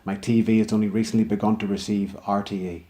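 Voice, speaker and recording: A man with a Northern Irish accent performing comic spoken-word poetry in a wry, deadpan recital. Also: on the low side, fast. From Northern Ireland.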